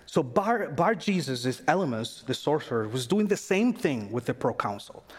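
A man preaching a sermon in a casual, animated way, acting out the voices of figures in the story. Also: mid-range voice, normal speed, breathy edge. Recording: long hall reverb.

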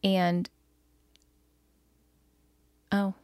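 A woman's voice: medium pitch, level tone, extremely slow, darkish tone, clear, resonant tone, no room sound. A woman co-hosting a podcast in casual chat, talkative, laughing often and sometimes losing her train of thought. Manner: chatty and laughing, trails off mid-thought. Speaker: podcast co-host.

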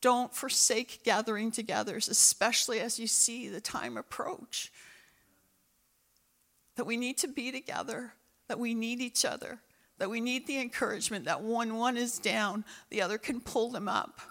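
A woman's voice: fairly high pitch, fairly even intonation, normal speed, gravelly, a bit bright. A woman pastor preaching a sermon and praying, impassioned and repeating phrases for emphasis. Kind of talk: sermon with prayer.

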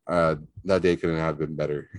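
A man telling a story on a podcast, animated and profane, often laughing. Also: very deep voice, moderate pace, clean tone, no echo. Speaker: podcast co-host. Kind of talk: casual storytelling.

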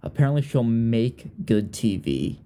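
A man's voice: medium pitch, sing-song, unhurried, dark tone. A young man from Virginia hosting a casual podcast, chatty and gossipy, often trailing off and restarting. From Richmond, Virginia. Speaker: podcast host. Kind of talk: casual chat.

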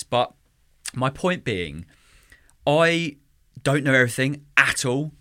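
A man with a mid-range, unhurried voice co-hosts a podcast, speaking passionately about music teaching and scatting drum rhythms. He's animated and mimics the drums vocally in casual chat. The recording is dry, with clean studio sound.

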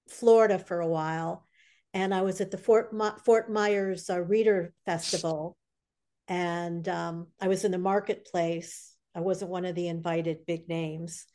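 A woman's voice: on the low side, fairly even intonation, measured pace, dark tone. A woman guest author telling a story in a casual way, with fillers along the way. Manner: anecdotal, with fillers.

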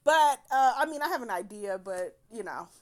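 A woman's voice: a little high, animated, moderate pace, a little mellow. A woman casually telling a personal story, swearing freely and laughing through her words.

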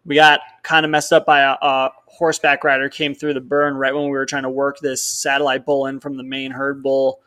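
A young man's mid-range voice moves a little fast with hardly any pauses as he co-hosts a podcast. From Wisconsin, he rambles through a hunting story, animated, performing other people's words in dialogue.

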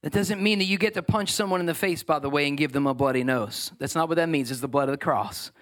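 A man preaching a sermon as pastor, emphatic and animated. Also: a little high, quick pace.

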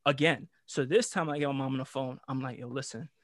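Animated profane man from New York. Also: medium pitch, fast talker, no room sound, studio quality. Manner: animated, profane, slangy, acts out voices. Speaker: guest storyteller. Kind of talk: casual storytelling chat.

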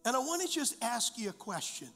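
High-voiced man preaching in an echoey hall. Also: sing-song, fairly quick, a bit bright, soft background music. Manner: repetitive, emphatic preaching with rhetorical questions. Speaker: pastor. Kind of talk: sermon. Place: church.

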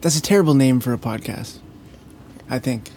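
A woman's voice: extremely low pitch, normal speed, mellow, slight background noise. A woman hosting a casual podcast chat, dry and teasing in her interjections. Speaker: podcast host.

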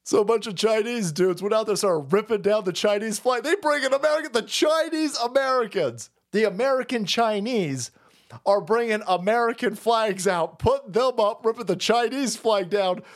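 A man's voice: high voice, normal speed. A man hosting a livestream, ranting about politics in a profane, rambling way and laughing often. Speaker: livestream host.

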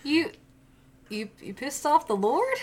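A woman's voice: high voice, wildly swooping pitch, slow. A woman bantering playfully on a comedy game show panel.

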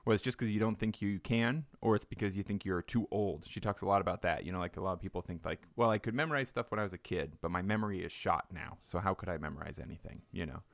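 Podcast host, man, low voice, dry close sound, rambling restarts. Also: quick pace, vocal fry, hardly any pauses, no room sound. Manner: thinks aloud with frequent restarts. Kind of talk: casual chat.

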